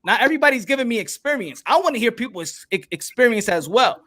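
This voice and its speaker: A man's voice: very high voice, expressive, fast talker, bright, forceful tone. A man on a debate panel who keeps cutting in with stammering restarts as he argues his point. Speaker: panel guest.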